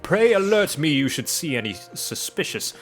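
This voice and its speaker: A self-assured gentleman inspector from a fantasy game, as a man puts him on, pompous and flowery in every phrase. The voice drops a little lower and sounds grand. Faint music plays behind. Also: very animated, normal speed. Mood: grandiose. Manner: pompous, flowery formal diction. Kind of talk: reading game dialogue aloud in character.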